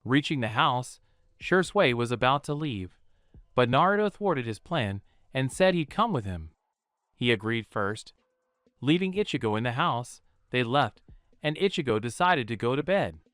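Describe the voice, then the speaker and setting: A man narrating a fan fiction story in a steady storytelling manner, voicing every character himself. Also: medium pitch, moderate pace, dry recording, clean studio sound.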